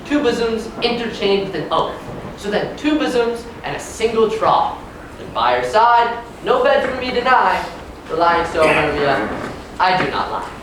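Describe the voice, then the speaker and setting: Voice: medium pitch, lively intonation, a little slow, close to an everyday voice. An actor playing a passionate young nobleman in love on stage, with declaiming delivery. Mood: wooing. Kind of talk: live stage acting. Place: theater stage. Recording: echoey theater from far off, background noise.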